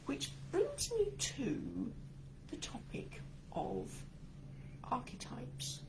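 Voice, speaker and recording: Animated woman speaking coach, stuffy nose. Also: extremely high pitch, drawn-out words, noisy background. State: a bit stuffy-nosed. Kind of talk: talking-to-camera coaching talk.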